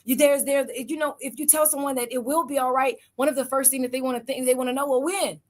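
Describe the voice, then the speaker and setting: Higher-voiced woman giving a motivational talk. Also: level tone, quick pace. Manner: storytelling, acting out quoted voices. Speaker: event speaker.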